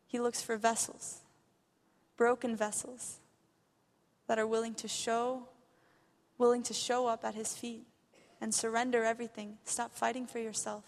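A woman's voice: on the high side, little pitch movement, a little slow. Earnest young woman preaching in a hall. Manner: earnest, builds to impassioned. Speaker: missionary speaker. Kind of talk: testimony sermon. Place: church hall.

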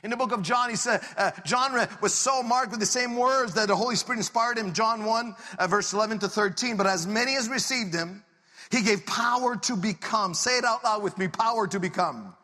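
High bright preacher. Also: male voice, fairly quick. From French Canada. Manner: emotional, pleading, many restarts. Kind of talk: sermon storytelling. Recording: long hall reverb.

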